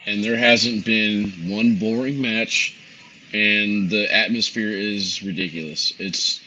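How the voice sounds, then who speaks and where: A man co-hosting a sports podcast, talking through his betting picks in a measured, analytical way. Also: fairly low pitch, steady tone, pushed and bright, highs cut off, a little hiss or hum. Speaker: co-host.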